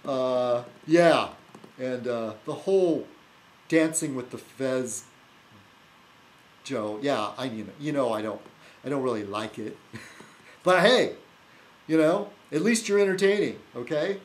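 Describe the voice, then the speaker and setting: A man vlogs casually to camera, rambling and teasing, often halting with fillers and restarts and chuckling to himself. His medium-pitched voice is animated, and the recording is rough.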